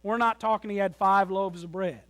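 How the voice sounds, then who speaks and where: A man preaching a sermon in a church, telling stories and moving between strong emphasis and hushed, quiet lines. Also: sits high, fairly even intonation, normal speed. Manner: storytelling preacher, rises loud then drops to near whisper. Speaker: pastor. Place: church sanctuary.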